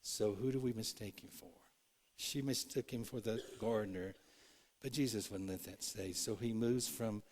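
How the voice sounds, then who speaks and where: Man, pastor, low-pitched, earnest sermon, loud and hushed turns, church. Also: normal speed. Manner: earnest, shifts from loud to hushed, acts out quotes. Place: church sanctuary.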